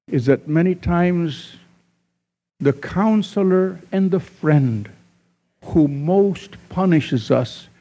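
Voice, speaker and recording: A man preaching a sermon, his voice rising to emphatic peaks and then dropping low and slow. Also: creaky, dark tone. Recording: dull lo-fi recording.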